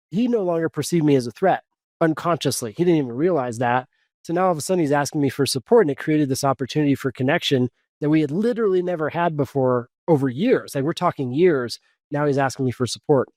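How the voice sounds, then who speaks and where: A man, a coach and podcast guest, tells a personal story in a casual, animated way, full of fillers and restarts. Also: fairly high pitch, dry recording.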